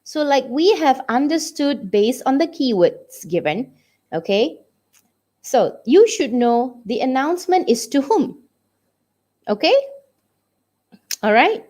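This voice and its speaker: A woman's voice: sits high, big pitch swings, slow pace, pauses often, a little mellow. A woman English teacher with a Malaysian English accent, giving a lesson and checking in with students often. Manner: checks in often with "okay?" and "did you get it?". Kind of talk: classroom lesson.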